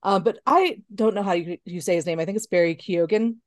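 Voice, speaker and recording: A woman's voice: medium pitch, a little fast, no echo, studio quality. A woman co-hosting a podcast, chatting casually about movies, with frequent laughs and fillers. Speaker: podcast co-host.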